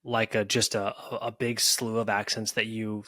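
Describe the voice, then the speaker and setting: A man's voice: lowish voice, little pitch movement, normal speed, bright, forceful tone, no room sound, studio quality. A man hosting a podcast who asks long, rambling questions full of restarts and fillers. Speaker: podcast host. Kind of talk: casual interview chat.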